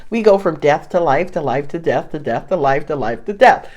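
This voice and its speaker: A woman giving a casual, animated tarot reading, laughing often and swearing freely as she talks. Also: low-pitched, normal speed. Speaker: tarot reader.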